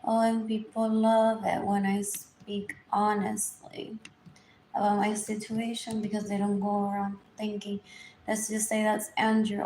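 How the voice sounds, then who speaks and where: A woman's voice: medium pitch, completely flat delivery, unhurried, darkish tone. A woman, rambling through a live-stream monologue, repeating herself and dropping into whispers. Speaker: livestream host. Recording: echoey room, faint background noise.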